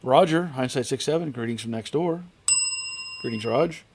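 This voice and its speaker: A middle-aged man hosts a relaxed live stream from his garage. He reads viewer comments aloud and greets each person in turn, in an everyday voice of middling pitch. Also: moderate pace, background noise. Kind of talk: casual live stream chat. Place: home garage.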